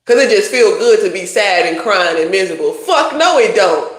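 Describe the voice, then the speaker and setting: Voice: medium pitch, lively intonation, moderate pace. A tarot reader giving a casual livestream reading, talking bluntly in profane slang. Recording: roomy echo.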